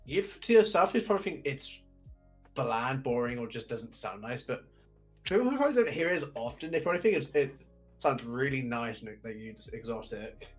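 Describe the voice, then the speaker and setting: A man's voice: mid-range voice, very animated, brisk, faint music behind. Rambling Bristolian man co-host. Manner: rambling, many restarts and fillers. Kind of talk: casual chat.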